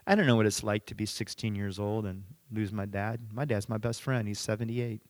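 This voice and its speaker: A middle-aged man preaching a sermon as a pastor, telling a story in a relaxed conversational way and going quiet for emphasis. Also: lowish voice, brisk, no echo. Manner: conversational, drops soft for emphasis.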